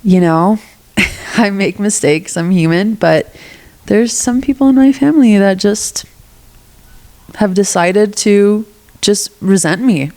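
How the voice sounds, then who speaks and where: A woman's voice: mid-range voice, slow, pauses often. A young woman hosting a solo podcast with a stuffy nose, talking candidly and casually, swearing now and then and acting out what she would say. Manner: candid, animated, swears casually, acts out quoted lines. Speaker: podcast host.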